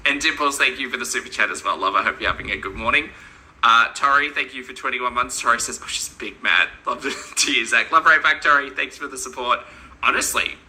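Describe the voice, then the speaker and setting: A man's voice: medium pitch, pushed and bright, low-quality recording. An Australian man hosting a live reaction stream, chummy and teasing, reading out chat messages and laughing often. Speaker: livestream host.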